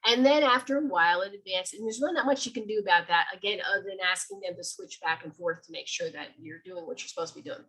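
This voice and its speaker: A woman's voice: medium pitch, fast, hardly any pauses, husky, low-quality recording. A woman who works as a medium, giving an informal, chatty talk at a library and acting out the sounds she describes. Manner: chatty, animated, acts out sounds.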